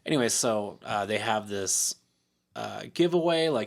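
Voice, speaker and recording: A man with a fairly low voice tells a long, rambling story as a podcast guest. He fills it with "uh" and "like", laughs often, and acts out what other people said to him. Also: lively intonation, measured pace, vocal fry. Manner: acts out quoted lines in his story. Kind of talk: casual storytelling chat.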